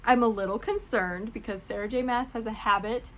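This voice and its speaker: A woman's voice: a little high, steady tone, brisk, a bit bright, slight background noise. A young woman chatting casually and gushing about books for her vlog, laughing often. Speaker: book vlogger. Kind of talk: casual book tag chat.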